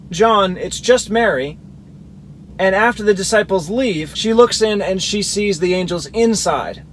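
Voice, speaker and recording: Male Bible teacher, higher voice, reads verses and then breaks them down; faint background noise. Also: unhurried, fairly bright tone, poor audio. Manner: explanatory, reads verses then compares accounts. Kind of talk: scripture reading with commentary.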